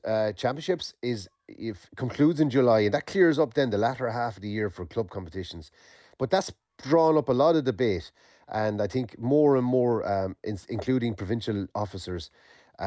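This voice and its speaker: A man with an Irish accent giving a sports news report on the radio, measured and full of fillers and restarts. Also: fairly low pitch, mellow, dry recording, clean studio sound. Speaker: sports correspondent.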